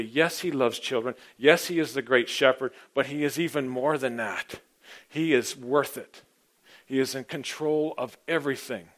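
A man preaching an informal, rambling sermon, often clearing his throat and swinging between loud emphasis and near-quiet asides. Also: medium pitch.

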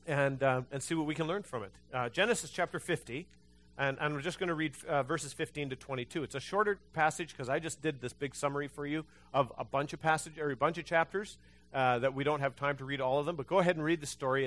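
Animated pastor preaching. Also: male voice, a little high, slight background noise. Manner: conversational, animated preaching with frequent restarts. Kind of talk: sermon. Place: church.

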